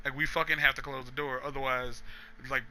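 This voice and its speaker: A man's voice: mid-range voice, level tone, bright, forceful tone. A man voicing a bossy, foul-mouthed young woman. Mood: urgent. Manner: rushed, profane commands.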